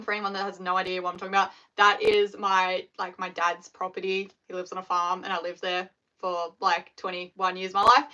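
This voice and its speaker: A woman's voice: fairly high pitch, pushed and bright. A young Australian woman chatting casually on a live stream, rambling with lots of fillers. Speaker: scrunchie maker live-streaming. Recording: dull lo-fi livestream audio.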